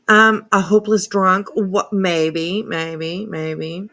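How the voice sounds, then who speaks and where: A woman's voice: on the low side, fairly even intonation, slow pace, a bit bright. A woman hosting a commentary channel, reacting to clips in casual, profane, incredulous talk. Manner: incredulous, profane, talks to her cat and viewers.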